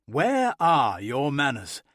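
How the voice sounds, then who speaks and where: A man's voice: medium pitch, huge pitch swings, takes it slowly, fairly bright tone, no room sound, clean studio sound, exaggerated voice. A man voicing a commanding, teasing lover. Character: confident, commanding adult man, the prince's lover. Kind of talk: audiobook character voice.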